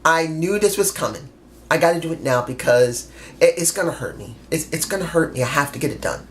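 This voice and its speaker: A man's voice: a little high, lively intonation, brisk, a bit bright, a little hiss or hum. A man giving a blunt, heated solo review, swearing freely and repeating lines for emphasis. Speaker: wrestling show reviewer. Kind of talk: opinionated solo review rant.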